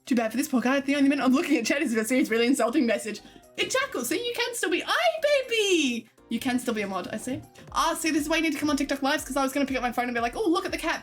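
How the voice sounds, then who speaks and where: A young Australian woman streaming from home, chatting in a bubbly, rambling way and often giggling. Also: high-pitched. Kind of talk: casual live-stream chat.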